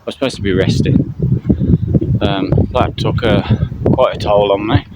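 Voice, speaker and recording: A middle-aged man from Britain talking to his viewers while out on a walk, halting and full of fillers, out of breath. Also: fairly low pitch, steady tone. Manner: halting, many fillers and restarts. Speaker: camping channel vlogger. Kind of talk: casual spoken update to viewers while walking. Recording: loud outdoor traffic noise.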